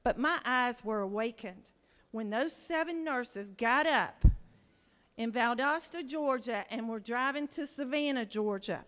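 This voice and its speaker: A woman speaks from the floor of a large legislative chamber, and the long reverb of the room trails behind her. Her voice sits a little high as she presses her case emotionally with one rhetorical question after another. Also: a little slow, fairly bright tone. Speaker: state senator. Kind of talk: impassioned floor speech.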